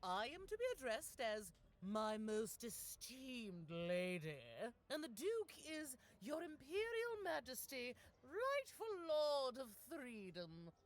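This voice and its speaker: An actress playing a snobbish high-society lady who lectures others in a sniffy, disdainful way. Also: sing-song, slow, full character voice. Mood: snooty.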